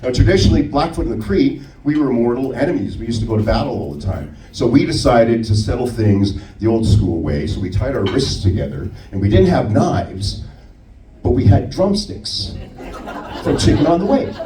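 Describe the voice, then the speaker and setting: Animated male stand-up comic, roomy club. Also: mid-range voice, moderate pace, a little hiss or hum. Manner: animated storytelling with put-on voices. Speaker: stand-up comedian. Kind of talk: stand-up comedy set. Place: comedy club stage. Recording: roomy club sound from a distance.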